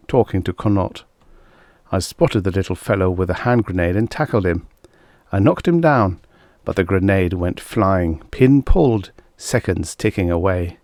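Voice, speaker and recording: A man reading a vintage science fiction story aloud in steady first-person narration. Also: low-pitched, no echo, clean studio sound. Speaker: audiobook reader.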